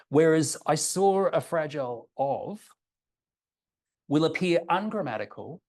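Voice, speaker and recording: A man presenting a prepared academic seminar paper, reading it in a measured way and slowing down deliberately for quoted examples. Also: on the high side, darkish tone. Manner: measured, reads quotations slowly and deliberately.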